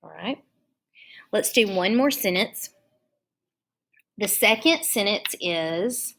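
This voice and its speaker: A woman teaching young children in an online lesson, dictating sentences slowly and spelling words out letter by letter. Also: medium pitch, expressive, a bit bright.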